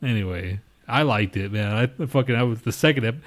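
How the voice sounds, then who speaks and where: A man's voice: mid-range voice, fairly quick. A man co-hosting a podcast, swearing and laughing through casual banter. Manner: laughing, swearing, lively teasing. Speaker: podcast co-host.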